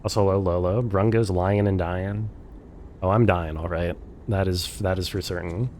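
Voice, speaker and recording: A deep, darkish voice with fairly even intonation carries this man's casual live game commentary at a moderate pace. He jokes sarcastically and swears freely with viewers as game music plays, and there's a little hiss or hum.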